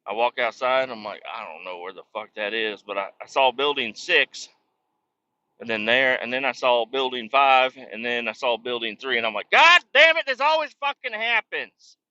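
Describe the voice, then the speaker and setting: Forceful, profane man ranting. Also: mid-range voice, moderate pace, no room sound. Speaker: truck driver. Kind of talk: casual rambling monologue. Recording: slightly muffled lo-fi recording.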